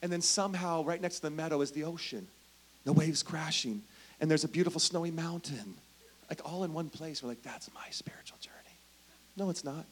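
Guy preaching a sermon, kinda high voice, storytelling, goes big then hushed, talks right to the crowd. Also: fairly quick, slight background noise. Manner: animated storytelling, swings from loud emphasis to hushed; addresses congregation directly. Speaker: pastor.

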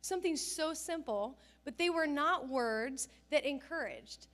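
A woman's voice: sits high, lively intonation, measured pace, a bit bright. A woman pastor preaching a conversational sermon, telling stories with self-deprecating humor.

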